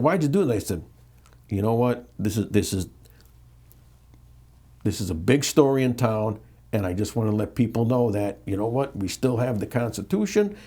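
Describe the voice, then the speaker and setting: A middle-aged American man, an interview guest, telling a candid story with many restarts and acted-out quotes. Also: mid-range voice. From United States. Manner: animated, repeats and restarts, acts out quotes.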